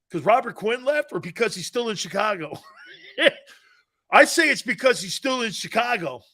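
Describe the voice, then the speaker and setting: A man hosting a sports talk show, brash and loud, laughing a lot, swearing and answering chat comments. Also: high-pitched, animated, normal speed. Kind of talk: casual sports radio chat.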